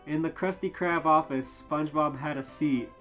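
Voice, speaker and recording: A man co-hosting a comedy podcast, reading fan fiction aloud with mock drama and bursts of shouting. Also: a little high, moderate pace, faint music behind. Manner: reads aloud with sudden loud shouted quotes and laughs.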